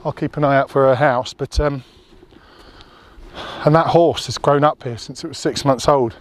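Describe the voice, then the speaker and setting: A man's voice: medium pitch, normal speed, slight background noise. A man chatting to his handheld camera while walking a country road, talkative and rambling. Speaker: outdoor vlogger. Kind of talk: casual chat to camera.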